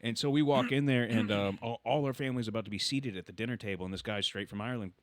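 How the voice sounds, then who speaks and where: A man's voice: on the low side, fast, no room sound. A man hosting a podcast, telling a casual story, laughing easily and swearing. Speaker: podcast host.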